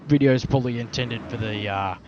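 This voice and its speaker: A man's voice: medium pitch, fast. A man speaking in a put-on Australian accent in an in-character roleplay monologue. He brags, swears constantly and keeps saying slang like "mate". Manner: boastful, swears constantly, lots of Aussie slang. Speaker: roleplaying vlogger. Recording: dull lo-fi outdoor recording with traffic noise.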